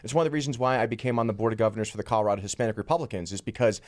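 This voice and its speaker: Low-voiced guy in his 30s talking super fast on talk radio, pushy and confident. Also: steady tone. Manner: rapid, assertive, talks very fast. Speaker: congressional candidate. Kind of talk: radio interview guest. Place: radio studio.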